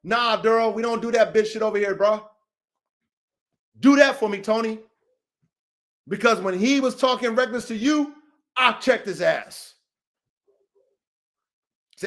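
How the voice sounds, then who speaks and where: High-voiced man on a heated rant. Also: a little slow, pauses often, a bit bright. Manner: profane, confrontational, repetitive, calls out names. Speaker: podcast host.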